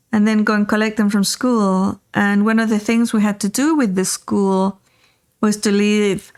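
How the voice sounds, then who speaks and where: A middle-aged woman with a smooth, medium-pitched voice hosts a podcast, chatting casually while riding in a car. She tells rambling personal anecdotes packed with fillers in this easygoing storytelling talk.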